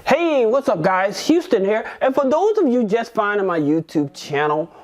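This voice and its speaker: A man's voice: high-pitched, very animated, moderate pace. A man hosting a finance YouTube channel in a casual talking-head style, chatty and checking in with "okay?" often. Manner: chatty, peppers lines with "okay?".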